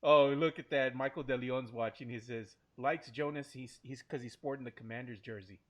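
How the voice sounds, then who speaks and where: A man hosting a casual sports podcast in a studio, loud and joking. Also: medium pitch, normal speed. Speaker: podcast host.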